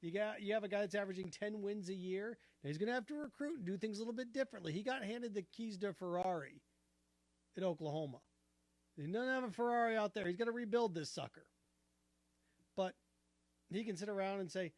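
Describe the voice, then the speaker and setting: Sports talk host, male, high-pitched, punchy and argumentative, close dry mic. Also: fairly quick, no echo. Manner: animated, argumentative, rhetorical questions. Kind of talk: opinionated sports commentary.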